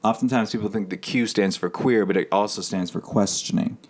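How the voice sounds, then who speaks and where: A man's voice: fairly low pitch, fairly quick. A man of thirty, a podcast host, telling his own story in a candid, rambling way with many fillers. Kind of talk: personal storytelling monologue.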